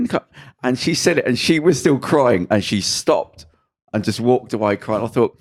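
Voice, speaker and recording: Gravelly man telling a story. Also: mid-range voice, moderate pace, no room sound, clean studio sound. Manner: lively, acts out the people in his stories. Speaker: podcast co-host. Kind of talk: casual storytelling anecdote.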